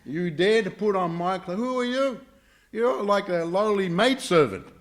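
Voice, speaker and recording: A man's voice: sits high, lively intonation, normal speed, pitched above the performer's own voice. A man doing a haughty indignant young woman. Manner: haughty scolding. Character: proud young priest's daughter, indignant.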